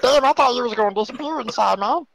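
Brief: loud young male echidna, slangy and gravelly, played by a man. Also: very high-pitched, quick pace, slight background noise, full character voice. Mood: incredulous.

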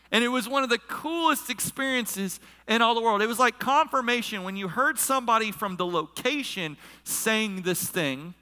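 A man's voice: very high voice, animated, normal speed, hardly any pauses, bright, forceful tone, smooth. Storytelling male pastor in a reverberant hall. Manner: storytelling, acts out quoted voices. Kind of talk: sermon. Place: large church hall. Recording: long reverb of a large hall.

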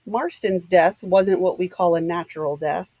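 A woman's voice: on the low side, normal speed, warm tone, no room sound. A woman reading as a brusque male doctor.

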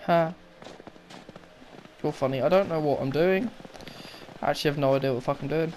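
A man's voice: a little high, fairly quick, long pauses, darkish tone, slight background noise. A young man doing let's play commentary, swearing often and muttering sarcastically to himself. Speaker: gaming YouTuber.

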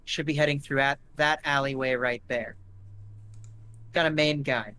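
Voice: medium pitch, steady tone, a little slow, bright, forceful tone, clear, resonant tone. Game master doing a cocky street tough. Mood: plain.

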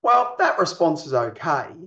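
A man's voice: a little high, sing-song, measured pace, gravelly, a bit bright. A man giving a recorded training lesson on pastoral care, explaining patiently and asking rhetorical questions. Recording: echoey, dull lo-fi.

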